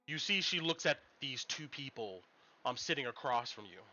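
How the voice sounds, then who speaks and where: Bright-voiced game master, muffled stream audio. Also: male voice, mid-range voice, normal speed. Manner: relaxed storytelling with frequent ums. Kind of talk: narrating a tabletop game.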